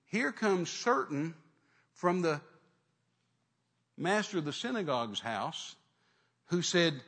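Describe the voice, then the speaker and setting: A man preaching a sermon, retelling a story dramatically with acted-out voices and sudden loud rises. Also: a little high, expressive, measured pace, long pauses.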